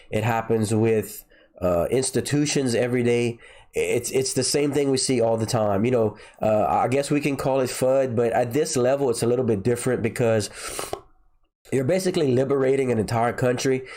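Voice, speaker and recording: A man's voice: mid-range voice, dark tone. A man hosting a casual crypto livestream, nasal and congested from a sinus infection, rambling and often repeating himself.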